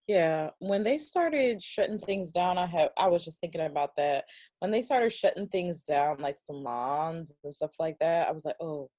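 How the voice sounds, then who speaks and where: A woman's voice: on the low side, normal speed. A young woman co-hosting a podcast, chatting casually and acting out quotes as she tells stories. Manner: animated storyteller acting out quotes. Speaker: podcast co-host. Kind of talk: casual chat.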